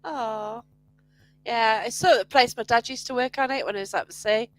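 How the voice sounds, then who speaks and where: A woman with a slightly raised pitch hosts a casual online interview. She chats freely, stumbles into restarts, and drifts into personal asides before getting to her questions. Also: normal speed, dry recording, soft background music, low-quality recording. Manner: warm asides, hesitant restarts. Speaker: host.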